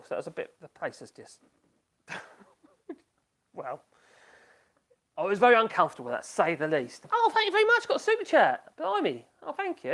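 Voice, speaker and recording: A middle-aged man, chatting casually on a live stream in a rambling way, trailing off and restarting his sentences. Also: on the high side.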